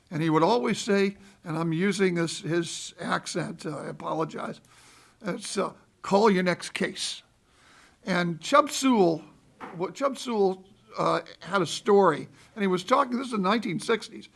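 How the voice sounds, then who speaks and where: A man's voice: high-pitched, gravelly, fairly bright tone. A man on a school board giving folksy, emphatic remarks at a public meeting. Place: meeting room.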